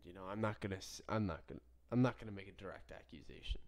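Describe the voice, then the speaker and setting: Rambling, profane young man, low voice. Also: fast. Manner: rambling, profane, frequent self-corrections. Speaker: podcast host. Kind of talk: casual solo podcast storytelling.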